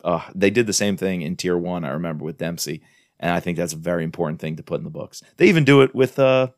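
A man's voice: low voice, quick pace, a little mellow, no room sound, clean studio sound. A man co-hosting a podcast, chatting enthusiastically about a thriller novel and reading quotes aloud. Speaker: podcast co-host. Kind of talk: casual book review chat.

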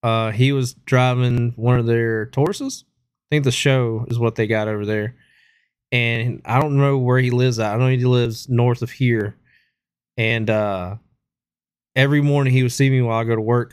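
A relaxed man tells a story in casual podcast talk, often stopping on an "uh". His voice sits at a medium pitch and sounds dry and close to the mic. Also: clear, resonant tone, no room sound. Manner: relaxed and halting, with frequent "uh" pauses.

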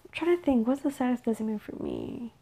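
High-pitched texas woman, super short dry answers, teasing him. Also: wildly swooping pitch, fast talker, creaky, mellow. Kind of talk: casual chat.

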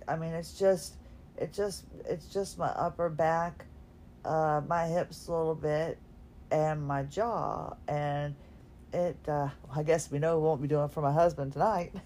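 A woman talks slowly and unhurriedly in a somewhat low voice, hosting a solo podcast from her bed. She rambles and pokes fun at herself, fighting off yawns. A faint hum of room ambience sits behind her. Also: a little mellow. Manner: rambling, self-deprecating, yawning. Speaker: podcast host. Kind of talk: casual solo podcast talk. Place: lying in bed at home.

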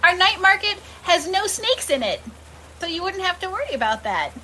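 A woman playing a tabletop game, laughing and animated. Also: extremely high pitch, normal speed, slight background noise. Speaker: player. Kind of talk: casual tabletop chat.

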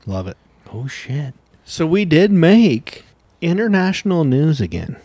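A man's voice: a little high, big pitch swings, a little slow, warm tone, no room sound. A man co-hosting a casual podcast, talking crudely and cynically and swearing often. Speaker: podcast co-host. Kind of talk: casual banter.

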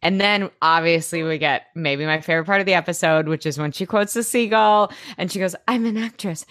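A woman's voice: on the low side, a little fast, fairly bright tone, dry recording, clean studio sound. A woman co-hosting a podcast in a casual recap chat, talking with many "like" fillers. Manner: chatty, many "like" fillers, laughs often. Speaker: podcast co-host.

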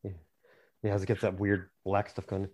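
A man's voice: lowish voice, monotone, moderate pace, a little mellow. A man on a podcast as a guest author, chatting casually in a rambling, jokey way with frequent restarts. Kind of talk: casual chat.

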